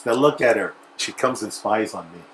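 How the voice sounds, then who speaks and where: A man's voice: lowish voice, animated, moderate pace, loud music behind the voice. A man hosting a cooking show, chatty and instructional, often checking in with okay. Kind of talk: casual cooking demonstration.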